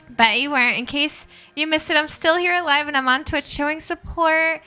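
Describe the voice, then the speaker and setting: A woman's voice: sits high, normal speed, pushed and bright, soft background music. A woman live-streaming a game, chatting casually with viewers, thanking and greeting them and laughing often.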